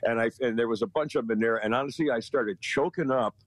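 A man's voice: mid-range voice, fast, no echo, low-quality recording. An older man chatting from home as a weekly radio guest, rambling and folksy with frequent chuckles. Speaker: regular weekly guest on a morning talk radio show. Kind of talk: casual radio chat.

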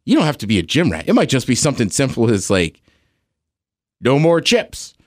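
Male co-host, relaxed encouraging chat, lively voice, dry close recording. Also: medium pitch, a little fast, dry recording. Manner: easygoing, encouraging, says "right?" often. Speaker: podcast co-host. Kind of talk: casual chat.

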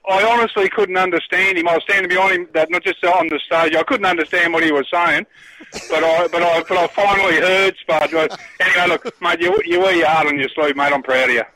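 An Australian man, a guest on a radio chat show, talking in a halting way with repeated words and frequent chuckles. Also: high voice, fairly even intonation, pushed and bright, poor audio. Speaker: phone-in guest, former footballer.

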